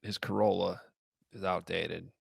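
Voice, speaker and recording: A man in casual sports chat, animated and jokey, often trailing off and restarting. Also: low voice, measured pace, gravelly, slightly rough, dry recording, clean studio sound. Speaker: sports podcaster.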